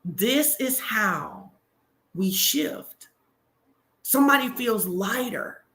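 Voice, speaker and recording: A woman hosting a live stream, giving a motivational talk with energetic, emphatic encouragement. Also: a little high, extremely slow.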